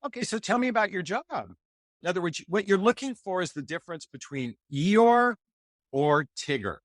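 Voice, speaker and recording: An animated, enthusiastic man from the United States, a relationship coach talking as a guest in a podcast interview and acting out example replies. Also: sits high, normal speed, no echo.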